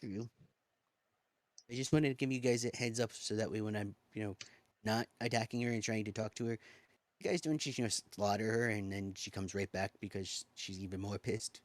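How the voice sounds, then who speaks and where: Low-voiced earnest man, dry sound. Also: steady tone, brisk, no room sound. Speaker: tabletop game player. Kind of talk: casual tabletop game chat.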